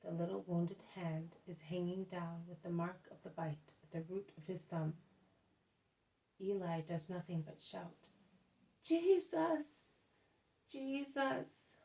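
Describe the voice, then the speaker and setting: Gravelly-voiced woman reading scripture. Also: lowish voice, flat delivery, unhurried, warm tone, recorded from a distance, rough recording. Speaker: audiobook reader. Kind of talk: scripted narration of religious text.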